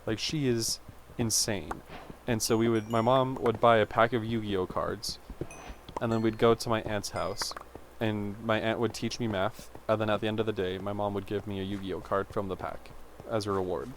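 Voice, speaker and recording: Man, twenties, vlogger, low-ish voice, rambling storytelling, chatty, lots of filler words, faint background hum. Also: fairly even intonation, moderate pace. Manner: chatty, self-interrupting, full of "like".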